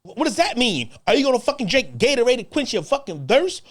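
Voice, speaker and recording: A man's voice: very high voice, big pitch swings, quick pace. A man delivering a heated, profane, repetitive rant straight to the camera. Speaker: commentator. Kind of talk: ranting to-camera monologue.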